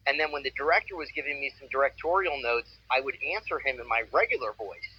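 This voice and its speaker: A man's voice: medium pitch, expressive, fast, husky. Upbeat man in his forties, muffled line. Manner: upbeat, enthusiastic storytelling. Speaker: voice actor, interview guest. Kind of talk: casual interview. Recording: muffled with faint noise.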